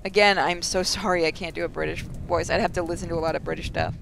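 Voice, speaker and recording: A woman's voice: on the low side, fairly even intonation, quick pace, creaky, hardly any pauses, a bit bright, a little hiss or hum. A young woman hosting a game playthrough, reading aloud with giggly, self-deprecating asides. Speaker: gaming channel host.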